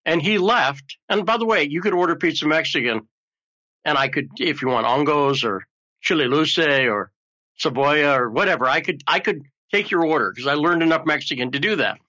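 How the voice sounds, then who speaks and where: A male talk show host rambling along in a joking, chatty way. His voice sits a bit high and sounds bright and forward. The audio is somewhat muffled and lo-fi. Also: expressive, moderate pace. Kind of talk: casual talk show chat.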